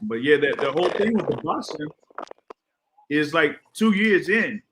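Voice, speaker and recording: A man's voice: a little high, big pitch swings, unhurried, background noise. A man co-hosting a casual talk show, explaining at length with lots of fillers. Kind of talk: casual chat.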